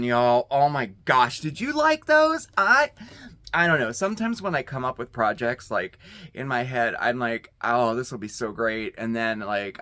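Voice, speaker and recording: Chatty man with lively pitch. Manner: chatty, upbeat, often adds "okay?". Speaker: host. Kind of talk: casual DIY craft demonstration.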